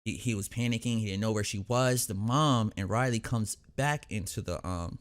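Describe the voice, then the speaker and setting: Young male reaction host, lowish voice, loose rambling recap full of "like" and restarts. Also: moderate pace. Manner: rambling, with many fillers and restarts. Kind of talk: casual episode recap.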